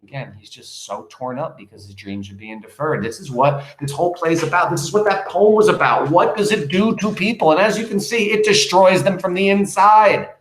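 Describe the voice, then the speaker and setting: A man's voice: high-pitched, echoey room. A man teaching a class, reading a play aloud and stopping to explain it with questions for his students. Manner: animated, questioning, pauses to explain.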